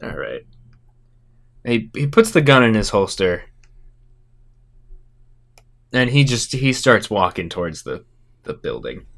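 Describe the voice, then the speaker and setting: A man's voice: fairly low pitch, big pitch swings, creaky, fairly bright tone. A man playing a tabletop game, asking questions and starting over often. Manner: questioning, halting. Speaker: player. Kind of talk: casual tabletop game play.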